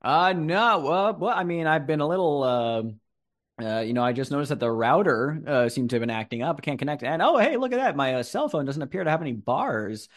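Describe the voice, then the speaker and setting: A man doing a chatty forest service worker who rambles on and on, hedging and padding every sentence. The voice bounces up high with eager, nervous cheer. It plays as a comic figure in a tabletop radio-play story. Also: lively intonation, brisk, lightly acted. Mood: rambling. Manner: rambling, hesitant, folksy.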